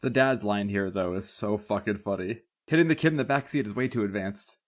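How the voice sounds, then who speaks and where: A man's voice: on the low side, fairly quick. A man co-hosting a podcast, chatting casually with wry, joking asides. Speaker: podcast co-host. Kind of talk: casual chat.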